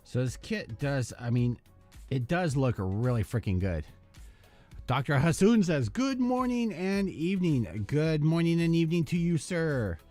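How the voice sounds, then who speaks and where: Over soft background music, a man with an expressive, slightly mellow mid-range voice speaks at a measured pace. As host of a live hobby stream, he assembles a model kit while chatting loosely, leaving thoughts unfinished and using lots of fillers.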